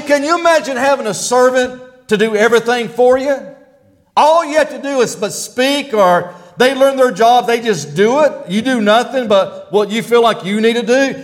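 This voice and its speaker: A man preaching a sermon, reading Bible verses with slow, drawn-out emphasis and asking the congregation for responses. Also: extremely high pitch, big-room sound.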